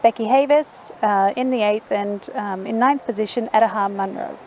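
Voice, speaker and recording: A woman with an Australian accent giving colour commentary at a softball game, friendly and informative, with some fillers. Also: mid-range voice, moderate pace, background noise. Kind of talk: live sports commentary.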